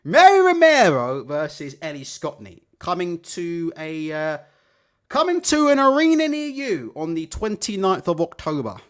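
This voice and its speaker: A man's voice: high-pitched, measured pace. Sarcastic man ranting about boxing. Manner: profane, sarcastic, animated. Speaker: boxing show host. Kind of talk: live-stream rant.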